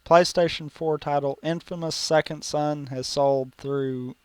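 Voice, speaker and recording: Man, casual gaming news co-host, dry and impatient, smooth voice, close dead-dry mic. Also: fairly high pitch, steady tone, unhurried, no echo. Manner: dry, impatient, stumbles over reading. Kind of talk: casual banter reading news articles.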